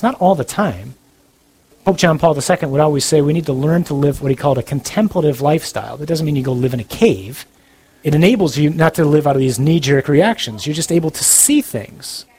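A priest giving an earnest, direct sermon-style talk, animated and blunt with touches of humor. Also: male voice, on the high side, a little fast, slightly rough, low-quality recording.

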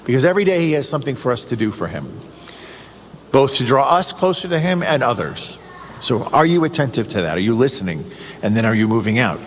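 A man's voice: medium pitch, very animated, brisk, long reverb tail, slight background noise. A man preaching a radio sermon, earnest and emphatic, with lots of rhetorical questions. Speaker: radio show host giving a reflection.

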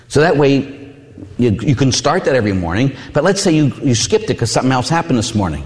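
A male priest giving a sermon with personal stories, an animated storyteller who acts out voices. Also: medium pitch, a little fast. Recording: long hall reverb.

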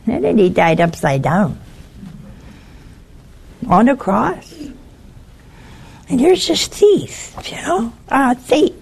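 A woman's voice: a little high, big pitch swings, vocal fry, a little mellow, breathy edge. An older woman giving an informal sermon full of stories, teasing her viewers with questions. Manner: slow, teasing, asks the audience questions. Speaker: religious teacher on a video show.

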